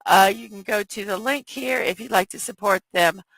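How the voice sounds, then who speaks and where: A woman hosting a morning livestream in casual chat, her voice scratchy and hoarse, reading viewer messages aloud through a headphone mic. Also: mid-range voice, normal speed, a bit bright, dry recording. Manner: reads viewer chat aloud, chatty and apologetic. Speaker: morning show host.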